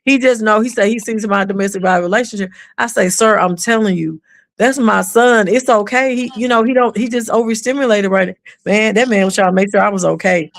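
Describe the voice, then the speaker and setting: Animated mom telling stories. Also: female voice, medium pitch, brisk, no room sound, clean studio sound. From East Texas. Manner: animated, acts out quoted voices, drops into a whisper when quoting. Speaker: mother of an autistic son, guest. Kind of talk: casual storytelling on a podcast.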